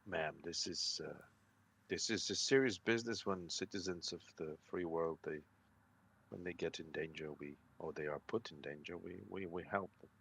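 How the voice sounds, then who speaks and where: A man playing a courteous wandering ranger, deep and apologetic. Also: gravelly, a bit bright, husky, heavily acted. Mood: earnest, apologetic. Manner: polite, apologetic, halting. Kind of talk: in-character role-play over a call.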